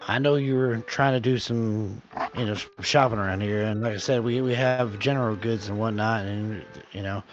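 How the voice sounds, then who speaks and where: A man's voice: fairly low pitch, fairly even intonation, normal speed, a little hiss or hum, natural voice. A man voicing a frank, grateful female town leader who talks in a chatty, hesitant, folksy way. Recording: dull lo-fi audio.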